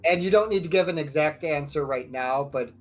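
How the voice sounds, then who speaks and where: A man's voice: on the high side, brisk, soft background music. A man playing a tabletop game who asks questions in a casual, tentative way. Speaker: player. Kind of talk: casual role-play chat.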